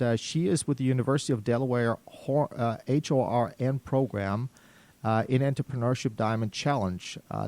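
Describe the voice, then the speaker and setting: A man with a German accent hosting a business radio show, talking in a relaxed way with many fillers. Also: mid-range voice, no echo. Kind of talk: casual radio talk. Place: radio studio.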